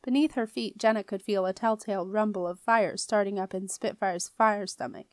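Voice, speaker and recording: A woman narrating a children's fantasy novel as an audiobook reader, in clear, steady storytelling. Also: medium pitch, moderate pace, no room sound, studio quality.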